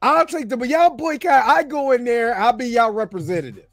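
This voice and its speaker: A man's voice: very high voice, fairly quick. A man hosting a casual podcast, joking and giggling as he banters about film news. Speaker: podcast host.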